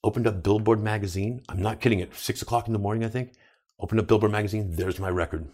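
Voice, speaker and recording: A man in his fifties, a podcast guest, telling animated stories and swearing often. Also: on the low side, quick pace. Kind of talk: casual storytelling interview.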